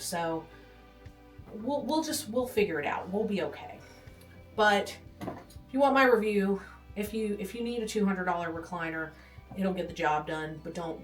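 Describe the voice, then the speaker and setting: A woman's voice: mid-range voice, recorded from a distance. A pregnant young woman giving a casual, self-deprecating, rambling home tour, sometimes out of breath. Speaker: vlogger. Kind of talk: casual nursery tour vlog. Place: small nursery room at home. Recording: roomy, from off-mic, with faint music. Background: air conditioner hum and faint music.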